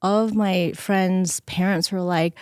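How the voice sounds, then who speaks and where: Middle-aged woman guest, lively storyteller with a lower pitch, recorded close and dry. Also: slow pace, smooth, no room sound. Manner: animated, acts out quoted voices. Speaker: interview guest. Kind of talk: conversational storytelling.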